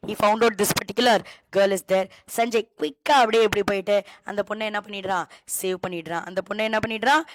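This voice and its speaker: A woman's voice: mid-range voice, rough recording. A woman teacher with a Tamil-influenced Indian English accent, giving a law lecture, repeating key phrases and quizzing students by name.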